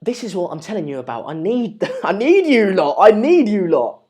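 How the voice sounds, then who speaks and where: A man's voice: high-pitched, very animated, normal speed, darkish tone. A man with an English accent hosting a live stream, chatting casually and reading out viewer comments in a rambling, jokey, self-deprecating way. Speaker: livestream host.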